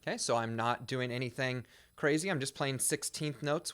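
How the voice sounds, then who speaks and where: A male percussion teacher with a Midwestern American accent gives an instructional demonstration, explaining audition excerpts and counting and scatting rhythms aloud. His voice is medium-pitched at a normal speed, and the recording is very noisy.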